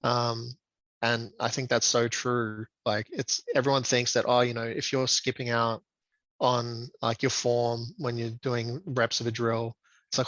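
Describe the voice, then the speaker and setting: A man being interviewed as a guest, speaking in a reflective, measured way with frequent ums. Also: mid-range voice, flat delivery, fairly bright tone, dry recording, highs cut off. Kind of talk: conversational interview.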